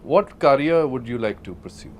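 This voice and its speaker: A man's voice: mid-range voice, lively intonation, moderate pace, highs cut off. A man, interviewing students in a casual, encouraging way, sometimes mixing in Hindi. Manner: encouraging, mixes Hindi into English.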